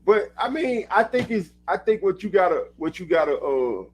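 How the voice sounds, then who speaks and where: A man's voice: sits high, very animated, normal speed, faint music behind. A man co-hosting a podcast, talking in loose, emphatic casual chat and swearing now and then. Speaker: podcast co-host.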